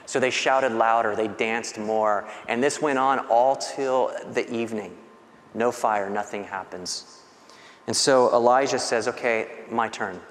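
A man pastor giving a sermon, retelling scripture stories with animated, conversational delivery. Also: mid-range voice, a little slow. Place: church sanctuary. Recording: long hall reverb.

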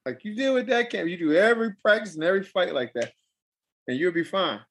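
A young adult man, a pro fighter, telling a story in a casual interview, animated and emphatic, repeating phrases for effect. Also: sits high, fast, husky.

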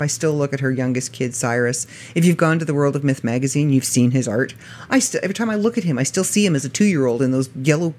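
A middle-aged woman hosting a show, telling stories in a casual, lively way and jumping into high voices when she quotes people. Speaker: podcast host. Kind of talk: casual storytelling.

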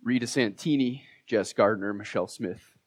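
A pastor preaching a sermon, emotional and heartfelt with self-deprecating humor, in a church. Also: male voice, lowish voice, moderate pace. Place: church sanctuary.

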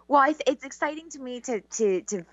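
A woman from Canada co-hosting a radio show, chatting casually and giggling often between halting restarts. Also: sits high, expressive, dull audio, a little hiss or hum. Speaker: co-host and psychic reader.

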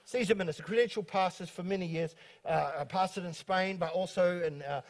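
A high-pitched man leading a church gathering as host pastor. He talks fast and eagerly, tripping over his words and restarting sentences as he goes. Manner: fast, excitable, stumbling restarts. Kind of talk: church talk introducing guests.

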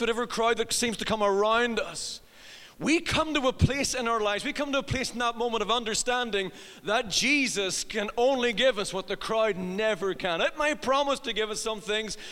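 Here the middle-aged preacher's voice is very high-pitched, bright and forceful. During his sermon he recounts a comic family story, performing the different voices and laughing along with his jokes, and the hall adds a long reverb.

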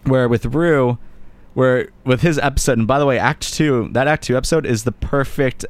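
A man's voice: medium pitch, moderate pace, no room sound. Blunt, swearing young man hosting a podcast. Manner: blunt, swears, quotes lyrics with emphasis. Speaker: podcast host. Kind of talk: casual podcast discussion.

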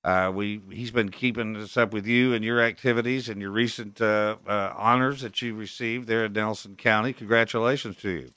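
A man's voice: on the low side, fairly even intonation, normal speed, hardly any pauses, bright, forceful tone, no echo. Folksy male radio talk-show host. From Texas, US. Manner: folksy, chatty, chuckling.

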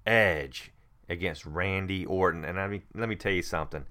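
A man's voice: sits low, normal speed, bright, forceful tone. A middle-aged man co-hosting a podcast, giving wrestling predictions in an emphatic, enthusiastic way with frequent restarts. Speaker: podcast co-host. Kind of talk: casual wrestling prediction chat.

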